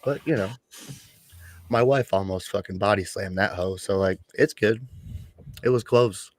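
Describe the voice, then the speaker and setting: A man's voice: lowish voice, measured pace, no echo. A man co-hosting a casual podcast chat, telling a story bluntly and with plenty of swearing. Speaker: podcast co-host.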